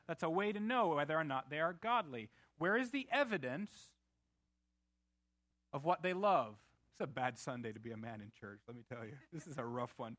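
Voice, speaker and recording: A man preaching a sermon in a bright, forceful voice that sits a little high for a man. He talks conversationally, tells stories from his own life and keeps asking the congregation questions. The sound is close and dry. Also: no room sound. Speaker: pastor.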